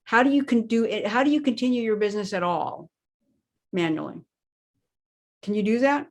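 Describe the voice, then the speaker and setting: A woman with a somewhat high voice speaks at a moderate pace as a guest expert on crisis planning. In the interview, she explains her points emphatically and conversationally, stressing key words.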